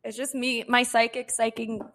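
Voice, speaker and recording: A young woman with a voice on the high side co-hosts a podcast, telling a dating story at a moderate pace in casual chat. She's animated, acts out what people said in her own voice, and laughs often.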